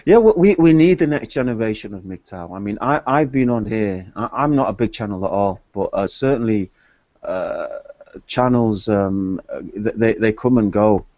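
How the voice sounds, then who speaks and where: A man's voice: lowish voice, expressive, moderate pace, darkish tone, no room sound. A man in a casual group chat, opinionated and hesitant, often repeating his words. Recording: dull lo-fi online call audio.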